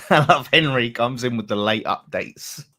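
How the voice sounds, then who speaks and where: A man hosting a live fan watchalong of a football match, talking excitably to his viewers, swearing freely and bantering as the play unfolds. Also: mid-range voice, unhurried. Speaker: fan channel host.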